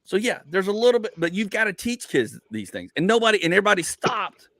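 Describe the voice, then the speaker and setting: A man's voice: high voice, quick pace, no room sound. A male comedian hosting a casual podcast, telling stories with lots of restarts and some swearing. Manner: animated storytelling, rambling with many restarts and swearing.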